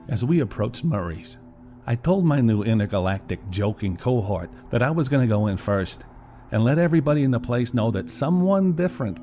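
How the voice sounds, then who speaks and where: A man narrating a first-person story in a wry, deadpan way. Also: medium pitch.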